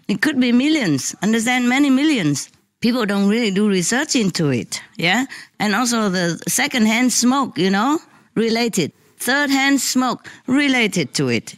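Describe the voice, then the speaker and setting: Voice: medium pitch, fairly bright tone. A spiritual teacher telling a casual anecdote on a live stream, in chatty, non-native English with many repeated words and frequent laughter. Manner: laughs often while telling. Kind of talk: casual anecdote told to listeners. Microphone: live stream microphone.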